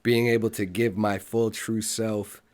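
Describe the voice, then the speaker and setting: A young man, a musician guest on a podcast, talking in a relaxed, laid-back way that often trails off softly. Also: lowish voice, a little slow. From Boston. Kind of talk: casual podcast chat.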